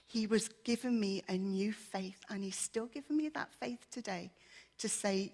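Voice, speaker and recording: A woman's voice: medium pitch, moderate pace. A woman giving an earnest, emotional personal testimony in church, her voice shaky at times. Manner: earnest, emotional, with many fillers.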